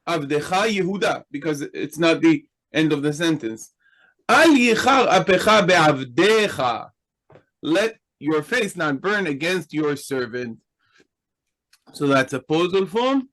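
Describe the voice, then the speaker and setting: A man's voice: fairly high pitch, a bit bright, low-quality recording. A man teaching a class in a patient, explanatory way, asking his students questions. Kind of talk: slow, deliberate Hebrew grammar lesson.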